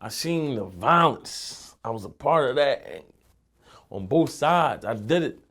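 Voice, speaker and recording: Young male rapper guest, gravelly, casual street storytelling with lots of cursing. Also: mid-range voice, very animated, takes it slowly, a bit bright. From Philadelphia. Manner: loose, streetwise, peppered with profanity and "you know what I'm saying".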